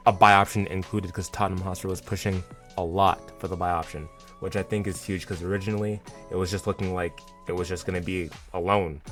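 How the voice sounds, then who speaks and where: Low-ish guy doing a chatty football fan vlog, lots of um and like, quiet music behind. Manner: chatty and excitable, with many fillers and restarts. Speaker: football fan channel host. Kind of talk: casual vlog commentary.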